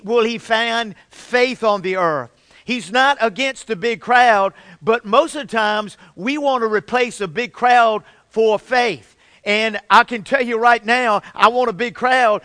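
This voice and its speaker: Middle-aged man, pastor preaching, high voice, dry close sound, emphatic. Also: pushed and bright, no room sound. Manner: preaching with rising emphasis, calls for amens. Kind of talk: sermon.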